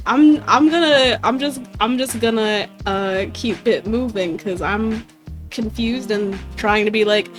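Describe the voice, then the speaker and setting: A young woman streamer chats slowly and loosely with a fairly high voice, laughing through her sentences and cursing offhand. She jumps into squeaky impressions of other people, with faint music playing behind her. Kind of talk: casual livestream chat.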